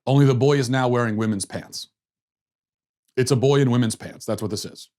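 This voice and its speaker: A man's voice: mid-range voice, a little fast, darkish tone. A man hosting a political commentary podcast, talking in a sarcastic, mocking way with frequent restarts and repeated words. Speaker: host.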